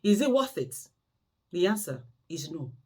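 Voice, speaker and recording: A woman's voice: on the low side, big pitch swings, moderate pace, a little mellow, husky. A woman carer vlogger telling cautionary stories and pleading emphatically with her audience. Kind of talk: impassioned storytelling monologue.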